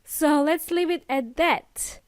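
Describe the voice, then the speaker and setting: Slow, high-voiced woman teaching English. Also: dry recording. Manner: slow, careful, emphatic teaching delivery. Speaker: English teacher and podcast host. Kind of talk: podcast lesson for English learners.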